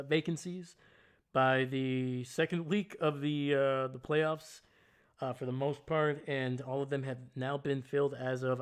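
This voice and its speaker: A man leads an easygoing football livestream, meandering through ideas while conversing with viewers. He's chatty and loud when greeting chat, his pitch jumping as he does.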